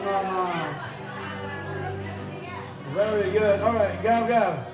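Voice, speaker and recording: A man hosting a live quiz game at a party, energetic and playful, shouting out countdowns to the crowd. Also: sits high, very slow. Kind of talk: lively live event hosting. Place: large indoor party hall. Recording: echoey hall with music and crowd.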